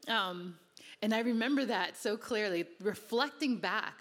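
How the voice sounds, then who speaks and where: A woman from Connecticut, USA, speaks at a measured pace in a mid-range, fairly bright voice, with a long reverb tail behind it. Her sermon testimony is personal, earnest and conversational, sprinkled with casual fillers.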